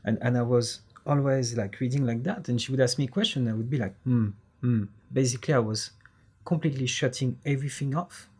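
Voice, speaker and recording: A man's voice: mid-range voice, fast, darkish tone, breathy edge. A man hosting a podcast in casual conversation, talking openly and candidly about himself. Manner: open and candid, with many fillers and restarts. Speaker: podcast host.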